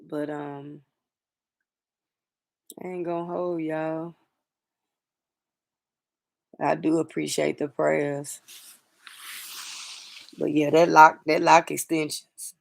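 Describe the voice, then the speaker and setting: A middle-aged woman hosting a casual livestream chat, talking softly and sadly to viewers, rambling with fillers and restarts. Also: low-pitched, little pitch movement, slow, vocal fry, pauses often, no echo, clean studio sound. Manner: soft-spoken, grieving, rambling with fillers and restarts. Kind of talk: casual personal talk to viewers.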